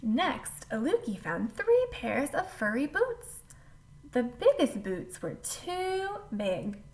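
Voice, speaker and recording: Slow, lively woman reading a storybook aloud. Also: sits high. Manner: animated storybook reading with asides to the listener. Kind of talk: reading a picture book aloud to a child.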